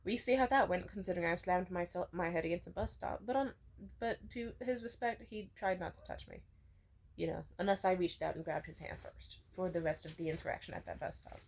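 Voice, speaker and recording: Young woman vlogger, low husky voice, ranting and swearing. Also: fairly quick, a little mellow. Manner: venting, swearing, questioning herself aloud. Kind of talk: emotional personal rant.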